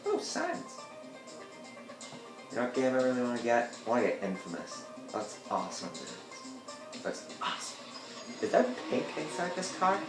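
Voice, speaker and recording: A man rambling and joking through casual gameplay commentary, breaking into loud outbursts now and then. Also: mid-range voice, huge pitch swings, moderate pace, long pauses. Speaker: gameplay video host. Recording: echoey room with game music behind.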